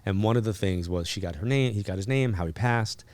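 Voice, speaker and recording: Chatty man telling a story, low-voiced. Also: brisk, no room sound. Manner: chatty, lots of "like" and "um" fillers; animated, acts out remembered dialogue. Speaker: podcast guest, psychic medium. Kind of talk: casual storytelling interview.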